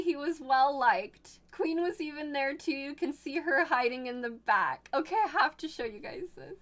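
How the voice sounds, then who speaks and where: A young woman from Oregon streaming live, chatting casually with viewers and gushing excitedly. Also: sits high, moderate pace, few pauses. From Oregon, United States.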